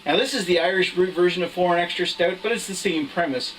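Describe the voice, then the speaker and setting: A man's voice: high-pitched, fast, fairly bright tone. Young guy rambling thru a beer review, um and uh a lot, sounds a bit far from the mic, faint hiss. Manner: rambling, with frequent fillers and restarts. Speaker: beer reviewer hosting his own show. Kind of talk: casual on-camera chat. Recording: voice somewhat distant from the mic, faint background hiss.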